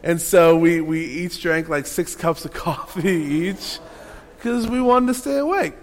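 A man preaching a sermon, telling a lively personal story with playful asides to the congregation. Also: on the high side, a little slow. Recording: long hall reverb.

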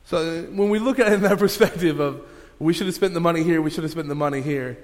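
A man's voice: fairly high pitch, a little mellow. Man preaching in a reverberant hall. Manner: conversational, halting with many fillers and restarts. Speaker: pastor. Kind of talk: sermon.

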